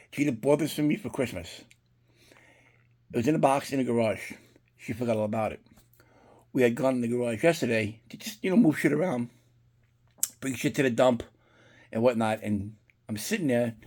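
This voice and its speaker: A man's voice: medium pitch, darkish tone, husky. A middle-aged man chatting casually and rambling through a profane story as he shows off horror collectibles. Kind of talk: casual unboxing chat.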